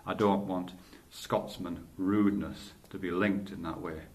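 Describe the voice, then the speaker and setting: A podcaster with a deep voice speaks a little slowly in a steady tone. His monologue is loose and rambling, and he keeps stopping to correct himself and swears casually.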